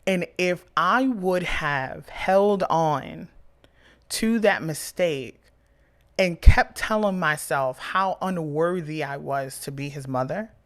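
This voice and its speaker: A woman in her thirties, a podcast host, telling a personal story with emotion and animated quoted dialogue. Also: sits low, takes it slowly.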